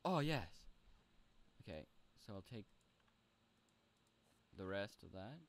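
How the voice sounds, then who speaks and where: A young man chatting playfully while playing a role-play game, often jumping into high goofy bits. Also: very animated, slow, slight background noise. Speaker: gaming video host. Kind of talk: casual role-play commentary.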